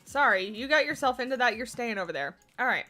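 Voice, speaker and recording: Bright, chatty woman streamer. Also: fairly high pitch, lively intonation, fast, faint music behind. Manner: chatty, laughs often, answers chat questions aloud. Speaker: game livestream host. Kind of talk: casual livestream chat while building in a game.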